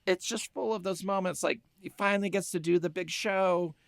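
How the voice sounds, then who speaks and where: A man hosting a podcast who chats casually about films and tells animated stories, acting out quotes. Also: sits high, normal speed, gravelly, no echo, clean studio sound. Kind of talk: casual film chat.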